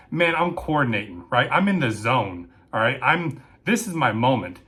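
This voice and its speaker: Animated man telling a comedy story. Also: medium pitch, normal speed, hardly any pauses. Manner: animated, acts out quotes with shouting and asides. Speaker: storyteller, former military police dispatcher.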